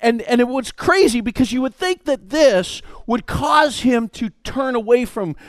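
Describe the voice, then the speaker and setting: A man preaching a sermon, telling it in an animated way and stammering over repeated words. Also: extremely high pitch, a little slow, no echo.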